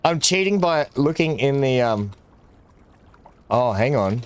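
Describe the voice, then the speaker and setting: A man's voice: mid-range voice, expressive, slow pace. A man chatting casually while unboxing gifts, muttering asides and talking to his dog. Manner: muttering asides, frequent throat clearing. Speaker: gaming video creator.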